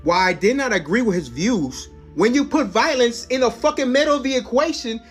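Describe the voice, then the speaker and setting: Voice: medium pitch, expressive, fairly quick, husky, soft background music. A person angrily reacting in a social media clip, swearing. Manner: angry, swearing.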